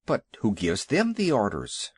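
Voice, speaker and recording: A man's voice: lowish voice, huge pitch swings, unhurried, husky, no room sound, studio quality, exaggerated voice. A man voicing a naive young recruit mule. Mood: puzzled. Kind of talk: audiobook character voice.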